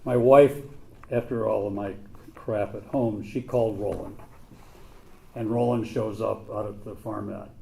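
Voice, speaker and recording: An older man tells his own hard story to a group in a blunt, plain-spoken way. His voice is low and mellow, and faint background hum sits behind it. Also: creaky. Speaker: recovery meeting speaker. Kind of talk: personal recovery story told to a group.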